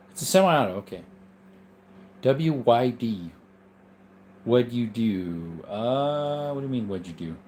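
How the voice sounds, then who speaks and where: A man with a mid-range, darkish voice, accompanied by a little hiss or hum, hosts a casual livestream. Sleepy and yawning, he reads viewers' comments and answers in a rambling, easygoing manner with frequent ums and asides.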